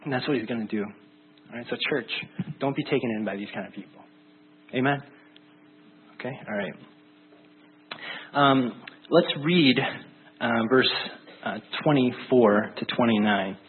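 A man's voice: mid-range voice, moderate pace, pauses often, slight background noise. A male pastor preaching a casual sermon in a rambling, conversational way full of fillers. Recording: tinny phone-like sound.

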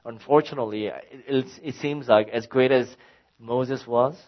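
A middle-aged man, a pastor, preaching a sermon and telling a personal story in an animated way, acting out his own exasperation. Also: mid-range voice, moderate pace, dull audio.

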